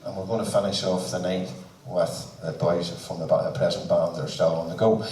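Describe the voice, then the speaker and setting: A man's voice: deep voice, little pitch movement, a little fast, a little mellow. A man with a Northern Irish accent compering a band concert, chatty and teasing as he tells stories between introductions. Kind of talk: joking stage introductions. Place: concert hall. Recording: echoey hall from far off.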